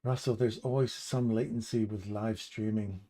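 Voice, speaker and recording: A man's voice: lowish voice, steady tone, normal speed, dark tone. A man casually commenting on a live trading stream, reading out and answering viewers' chat messages by name. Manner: upbeat and chatty, laughs easily.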